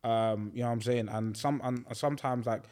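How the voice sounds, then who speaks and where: A man co-hosts a podcast in easy, casual chat. He keeps restarting his phrases as he tells a story. His voice sits at a middling pitch. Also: fairly quick. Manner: animated, restarts mid-phrase while telling a story. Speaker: podcast co-host.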